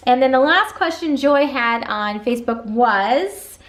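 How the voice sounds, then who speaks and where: A woman's voice: fairly high pitch, brisk, hardly any pauses. A woman in her thirties from Southern Illinois with a Kentucky-like accent, chatting casually to camera in a Q&A vlog, full of fillers and asides. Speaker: vlogger.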